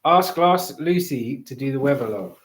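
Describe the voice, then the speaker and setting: A man's voice: mid-range voice, lively intonation, moderate pace, echoey room, noisy background. A middle-aged man hosting a casual home livestream, bantering and reading out chat messages. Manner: cheeky, banter-filled, reads out chat messages. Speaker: livestream host.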